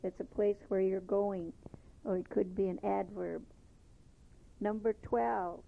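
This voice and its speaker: A woman teaching a language lesson, patiently repeating each phrase slowly before explaining it. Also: mid-range voice, vocal fry. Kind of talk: slow spoken language lesson. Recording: tinny phone-like lo-fi recording.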